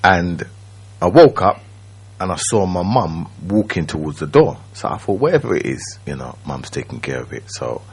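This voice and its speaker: Man, very deep voice, husky, slow reflective storytelling, radio studio guest. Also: sing-song. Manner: slow, reflective, keeps checking in with the listener. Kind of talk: personal storytelling.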